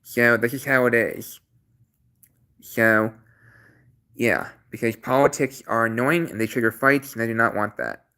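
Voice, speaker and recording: A man hosting his own channel stream, laying out chat rules in a halting, repetitive way with many restarts, earnest and apologetic at times. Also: mid-range voice, fairly even intonation, bright, forceful tone, smooth. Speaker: channel host. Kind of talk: casual livestream talk.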